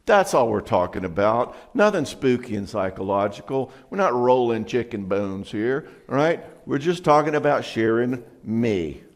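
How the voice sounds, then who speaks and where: A middle-aged man, a counselor, giving an earnest, conversational seminar talk and telling personal stories, often dropping his voice low for emphasis. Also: lively intonation, a little slow, few pauses.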